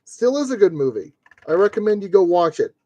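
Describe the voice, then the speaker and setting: Mellow-voiced man grumbling through a build. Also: high-pitched, big pitch swings, fairly quick, no echo, dull audio. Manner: grumbling, joking self-talk while working. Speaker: model kit builder streaming. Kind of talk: live-stream building commentary.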